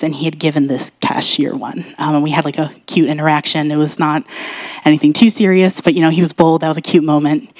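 Woman, 30s, chatty testimony storyteller, lively quoted voices, dry close sound. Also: dry recording. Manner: chatty, animated, acts out quoted voices with rising pitch. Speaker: church member sharing a testimony.

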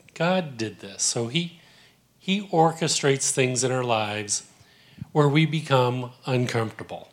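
Man for a church testimony, slow, relaxed and conversational. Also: mid-range voice. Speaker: church member giving a testimony.

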